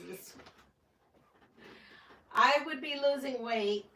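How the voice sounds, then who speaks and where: A woman's voice: a little high, extremely slow, pauses often, pushed and bright. A woman hosting a casual live quilting stream from her quilting room, chatting with viewers and laughing often. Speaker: quilting channel host. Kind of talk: casual live-stream chat while sewing.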